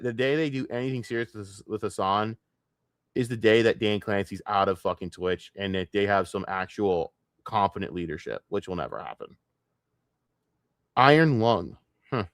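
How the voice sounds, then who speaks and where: A man's voice: lowish voice, a bit bright, no echo. Rambling, profane male streamer, dry sound. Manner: rambling, profane, trails off and laughs to himself. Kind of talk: casual solo livestream rant.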